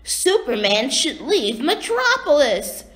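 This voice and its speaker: A dim, bragging superpowered brute from a storybook, shouting simple boasts, as a woman reading aloud puts him on. His voice leaps up and down wildly and moves slowly. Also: high voice, very animated, reverberant, voice pushed up, exaggerated voice. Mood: boastful. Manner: loud, simple third-person boasts.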